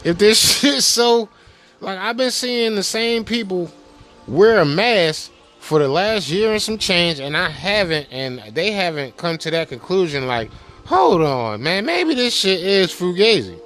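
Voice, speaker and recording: A male podcast host in a casual rant, animated and profane, using street slang and firing rhetorical questions. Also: high voice, unhurried, soft background music.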